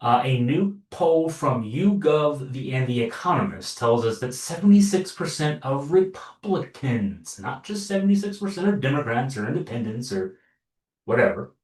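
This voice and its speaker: A man's voice: medium pitch, lively intonation, normal speed. Sarcastic male news commentator, roomy sound. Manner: sarcastic, wry asides; loose delivery with many fillers and restarts. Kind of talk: political commentary. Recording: roomy echo, distant from mic.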